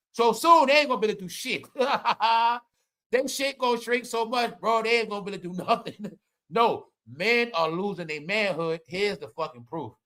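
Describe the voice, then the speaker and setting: A man with a high, bright voice rants through a casual comedy commentary, talking straight to his audience. He is loud and profane, breaks into laughter often, and swings from shouting to muttering asides. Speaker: online commentator.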